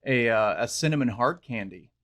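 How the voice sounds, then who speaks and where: Halting, stumbling male co-host. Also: medium pitch, expressive, a bit bright. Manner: halting, repeats words. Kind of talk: casual chat.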